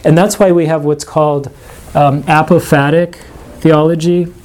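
A man's voice: a little high, moderate pace, darkish tone. A man giving a classroom lecture to a small group, thinking aloud with frequent restarts and asides. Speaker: religion class teacher.

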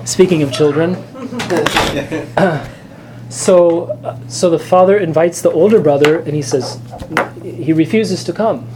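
A man giving an earnest, informal teaching talk as an Orthodox Christian, speaking in short, gentle phrases. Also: on the high side, slow pace, long pauses, background noise.

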